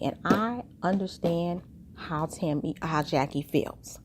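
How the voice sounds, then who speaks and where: A woman's voice: lowish voice, takes it slowly, a little hiss or hum. A woman casually recapping a reality TV episode, chatty and gossipy, acting out the quoted lines as she retells them.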